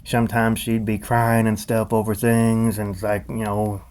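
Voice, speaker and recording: A man's voice: lowish voice, flat delivery, normal speed, darkish tone, clear, resonant tone. A grown man vlogging, telling a nightmare in a loose, rambling way full of fillers and restarts. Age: adult. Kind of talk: rambling casual monologue.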